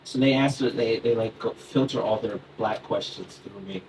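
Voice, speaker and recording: A man's voice: medium pitch, moderate pace, vocal fry, a little mellow. A man in his thirties doing a stand-up comedy set, chatty and loose, laughing into his lines and talking with the crowd. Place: comedy club stage. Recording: distant mic in a noisy club.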